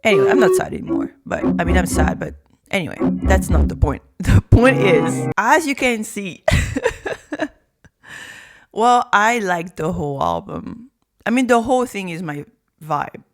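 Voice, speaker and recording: A young woman with a sore throat and hoarse voice, chatting casually in a vlog, rambling and teasing herself in a playful way. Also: medium pitch, sing-song, unhurried, faint music behind. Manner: rambling, playful, self-mocking. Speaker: YouTuber.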